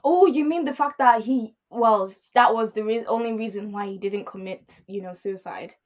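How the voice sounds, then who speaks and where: A woman's voice: on the high side, moderate pace. A woman co-hosting a casual podcast chat, speaking playfully and emphatically. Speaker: podcast co-host. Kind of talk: casual chat reviewing a drama.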